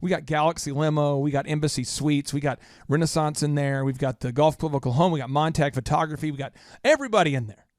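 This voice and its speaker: Male podcast host with a raised voice, rapid-fire storyteller, poking fun at himself, dry close sound. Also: fairly high pitch, dry recording. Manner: animated, rapid-fire, self-mocking. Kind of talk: storytelling in casual chat.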